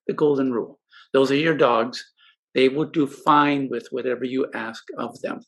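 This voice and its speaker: A man's voice: mid-range voice, fairly even intonation, a little slow. An older man giving a friendly instructional talk to teachers, who now and then acts out students' replies. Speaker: educational presenter.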